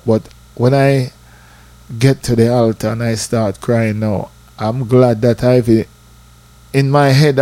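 A man with a Jamaican accent tells his personal testimony with lively storytelling, drifting into patois phrases. His voice sits at an ordinary middle pitch and sounds dry and close, with no room echo. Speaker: church member giving testimony.

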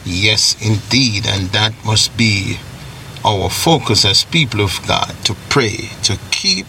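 A man's voice: fairly low pitch, slow, background noise. A man leading a radio devotional, reading scripture and praying in a rhythmic preaching cadence with repeated phrases. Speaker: radio minister.

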